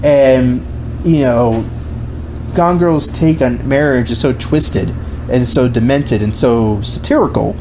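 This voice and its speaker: A man's voice: medium pitch, slow pace, noisy background. A man co-hosting a podcast, chatting casually about films in a rambling way, full of restarts and fillers. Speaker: podcast co-host. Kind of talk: casual film discussion.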